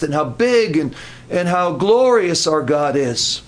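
Man, preacher, sermon, earnest, repeats himself, slightly high voice. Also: very animated, takes it slowly. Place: camp meeting.

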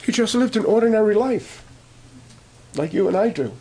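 A man's voice: high voice, expressive, normal speed, dark tone, husky. A man preaching a sermon, telling a story with many fillers and restarts, then rising to emphatic points.

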